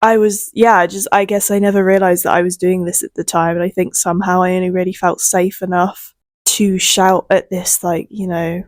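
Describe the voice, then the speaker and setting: A young woman talking through her feelings in a rambling, soft-spoken monologue full of fillers and small laughs. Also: on the low side, level tone, moderate pace, no room sound, clean studio sound. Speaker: vlogger. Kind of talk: reflective casual monologue.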